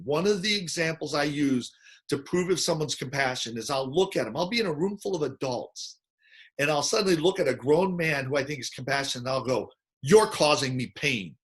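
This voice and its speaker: Man, host, casual chat, animated storyteller, slightly high voice.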